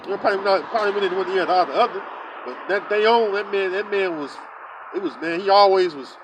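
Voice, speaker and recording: A man's voice: high-pitched, lively intonation, fast talker, fairly bright tone, far from the mic, slight background noise. A man telling a story in casual talk, rambling and profane, repeating himself with lots of "you know" and "man". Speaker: religious group member telling a story.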